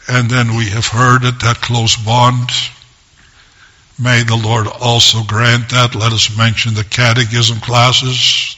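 Slow, bright-voiced preaching man. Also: mid-range voice. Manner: slow, measured preaching in short phrases with long pauses. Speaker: pastor. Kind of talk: sermon.

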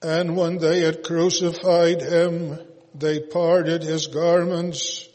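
A man reading scripture aloud in a solemn, slow, almost chanted way, with occasional hesitant pauses. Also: fairly high pitch, flat delivery, a little mellow. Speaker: scripture reader. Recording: long hall reverb.

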